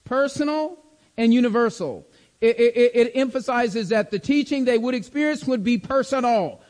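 A man's voice: very high voice, normal speed, darkish tone, long reverb tail. A man teaching a sermon-style Bible lesson, emphatic, repeating key phrases and checking in with the listeners. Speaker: preacher.

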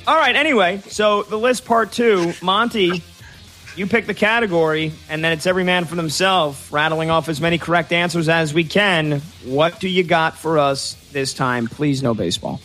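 Chatty higher-voiced male sports radio host. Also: pushed and bright, soft background music. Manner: chatty, joking, quick to do impressions. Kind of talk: casual sports talk.

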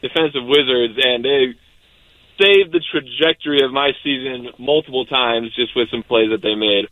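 A young adult man, a baseball pitcher, chatting casually as a guest, rambling with many fillers. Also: normal speed, no room sound, narrow, tinny audio. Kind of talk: casual interview chat.

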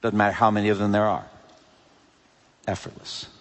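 A man preaching a sermon with emphatic swings between loud peaks and hushed drops. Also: lowish voice, level tone, fairly quick, big-room sound. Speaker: pastor.

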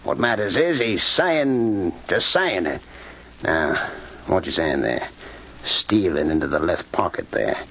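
Man doing a gravelly, bright-toned crook with a lively swagger, old radio play. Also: deep voice, slow pace, full character voice, rough recording. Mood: scheming. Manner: swaggering, chuckling, boastful. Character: boastful scheming male thief, cockney-style crook. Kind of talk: old-time radio drama.

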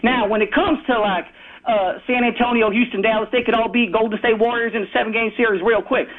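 A man with a Chicago accent calling into a show, rambling rapid-fire from one topic to the next. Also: sits high, fairly even intonation. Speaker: caller. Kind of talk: rambling call-in monologue. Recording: tinny phone line.

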